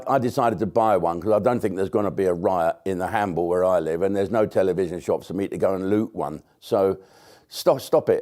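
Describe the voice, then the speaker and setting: A British comedian talking in a rambling, blunt monologue to camera, with sarcastic asides and swearing. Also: male voice, sits low, mellow. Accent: British English. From Britain.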